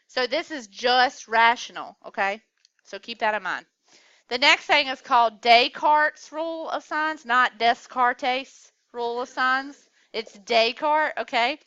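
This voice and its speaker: A woman's voice: a little high, sharp tone, smooth, no room sound, highs cut off. A woman teaching a math class, coaxing students along with questions in a classroom lecture.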